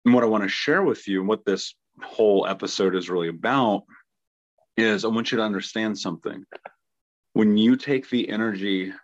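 A man's voice: lowish voice, moderate pace. A man in his thirties hosting a podcast, talking earnestly and heartfelt about his own journey in a reflective monologue. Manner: earnest, heartfelt, occasional laughs. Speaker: podcast host, trauma healing coach. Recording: muffled lo-fi dry sound.

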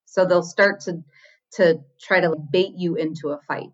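Woman, therapist guest, fairly low voice, explanatory, slightly dull lo-fi audio. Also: fairly even intonation, moderate pace. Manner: explanatory, acts out quoted lines. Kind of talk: casual podcast conversation.

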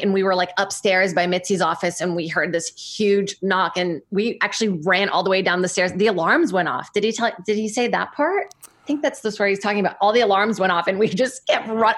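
A woman's voice: medium pitch, a bit bright. A woman chatting casually as a guest, rambling with easy laughs. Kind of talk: casual chat.

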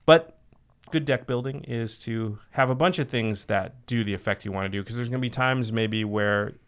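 A man's voice: medium pitch, moderate pace, clean tone. A man hosting a podcast, chatting casually and explaining card game rules step by step. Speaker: podcast host.

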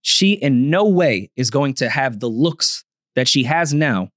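A man's voice: medium pitch, lively intonation, a little slow, fairly bright tone, no echo, studio quality. A man co-hosting a podcast who argues his point matter-of-factly and swears freely. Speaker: podcast co-host. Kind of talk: heated casual debate.

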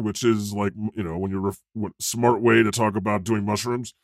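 A man's voice: lowish voice, level tone, moderate pace, no room sound, clean studio sound. A man hosting a comedy podcast in character as God, rambling and self-deprecating, laughing often. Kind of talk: improvised comedy chat.

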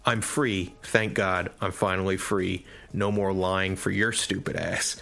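A man voicing a vindictive severed talking tongue in a brash Brooklyn accent, gloating and yelling. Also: low-pitched, level tone, a little slow, creaky, faint music behind, heavily acted. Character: loudmouthed severed male tongue, gleefully vindictive.

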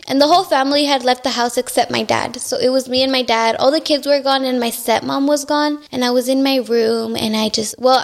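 A woman's voice: a little high, gravelly. A young woman telling a personal story as a podcast guest, with frequent likes and Spanish words mixed in. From Mexican-American family. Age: young adult. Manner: talks with many likes, mixes in Spanish words.

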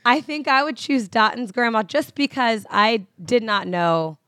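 A woman's voice: on the high side, animated, measured pace, a bit bright, dry recording, studio quality. A woman co-hosting a podcast, chatty and self-deprecating in casual conversation. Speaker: podcast co-host. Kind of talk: casual chat.

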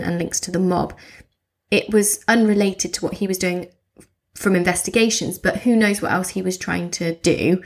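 A woman co-hosting a podcast, telling a case in a lively, chatty way and laughing often. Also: medium pitch. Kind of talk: casual chat.

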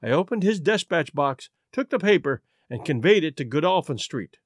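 Read by a man, a troubled young wife pours out her confession in an earnest, halting voice, her pitch rising and falling widely. The delivery sits slightly high for a man, and the sound is close and dry. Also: big pitch swings, dry recording. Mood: anxious. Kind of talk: audiobook reading.

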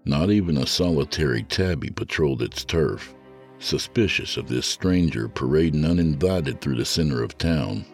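A man reading a horror story aloud as a podcast host, in a slow, ominous storytelling manner. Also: very deep voice, gravelly. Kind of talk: scripted horror narration.

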